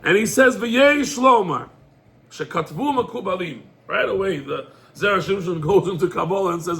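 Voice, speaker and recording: A man, a rabbi, giving a lively Torah class in sprinkled quotes. He acts out the dialogue and fires off rhetorical questions. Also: sits high, moderate pace, vocal fry.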